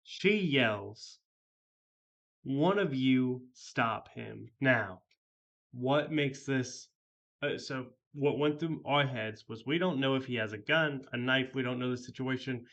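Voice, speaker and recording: A man's voice: mid-range voice, unhurried, a bit bright, dull audio. A man telling a story in a casual vlog, rambling and heavily profane with many fillers. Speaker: vlogger.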